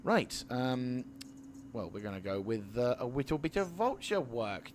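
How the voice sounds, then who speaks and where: A man's voice: medium pitch, expressive, unhurried, slight background noise. A British man in his thirties streaming a game, talking in a rambling, sweary and self-deprecating way. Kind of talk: casual gameplay commentary.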